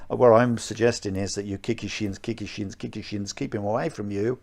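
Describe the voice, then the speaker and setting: A man's voice: lowish voice, steady tone, fairly quick, gravelly, a little mellow. A man co-hosting a podcast about martial arts, talking in an emphatic, repetitive way in casual chat. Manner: emphatic, repeats himself.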